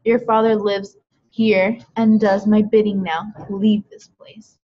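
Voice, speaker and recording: A woman voicing a selfish, bossy giant beast in a story, reading its lines in a stern, slowed-down way. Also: mid-range voice, level tone, slightly rough. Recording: dull lo-fi recording.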